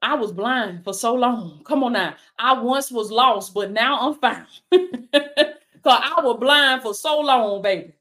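Woman preaching on a livestream, high voice, fired up, keeps saying baby and come on now, southern black church cadence. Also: a little slow, fairly bright tone. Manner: fervent call-and-response preaching with repeated "baby" and "come on now". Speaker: life coach and preacher.

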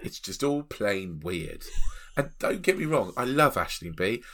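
Animated man reviewing films. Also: on the low side, unhurried. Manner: animated, exclaiming, laughs often. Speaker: podcast co-host. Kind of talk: casual film review chat.

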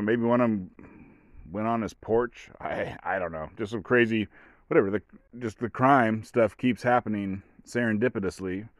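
Guy ranting solo on his podcast, lowish voice, kinda sarcastic, dry close mic. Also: no room sound. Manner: rambling, sarcastic, with many restarts and fillers. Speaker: podcast host. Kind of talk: casual solo commentary.

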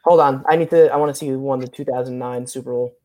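A man's voice: mid-range voice, fairly even intonation, fast, dark tone. A man co-hosting a casual chat, quizzing his friend on football trivia in a teasing, mock-apologetic way with many restarts. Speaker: podcast co-host running a sports trivia quiz.

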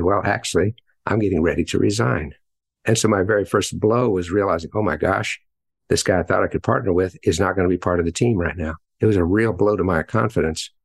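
A man's voice: deep voice, creaky, breathy edge, no room sound. An older man telling personal stories in an earnest, reflective way as an interview guest. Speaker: guest, company leader and author. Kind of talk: storytelling in a podcast interview.

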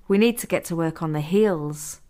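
A woman's voice: sits low, moderate pace, mellow, lightly acted. A woman voicing a bossy, teasing young woman giving orders. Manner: commanding, dismissive.

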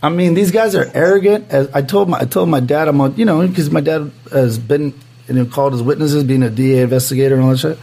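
A man co-hosting a casual podcast in a gravelly, husky voice that sits a bit high for a man. He tells his story with energy, acts out other people's lines and swears freely. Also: fast. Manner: animated storyteller acting out quotes, heavy swearing. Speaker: podcast co-host. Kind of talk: casual chat.

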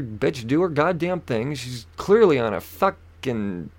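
A man's voice: medium pitch, big pitch swings, measured pace. A young man hosting a podcast, telling a story in casual chat, swearing heavily and acting out other people in a raised voice. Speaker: podcast host.

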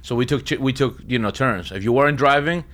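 Profane, animated middle-aged man. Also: medium pitch, brisk. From East Coast of the US. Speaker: drummer, guest. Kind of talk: casual interview storytelling.

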